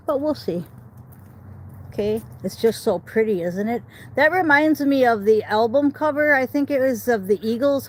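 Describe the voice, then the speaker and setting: A woman's voice: a little high, slight background noise, poor audio. A woman giving a casual tarot reading outdoors, chatty and reassuring, often checking in with the listener. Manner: chatty, reassuring, many okays and rhetorical questions. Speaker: tarot reader.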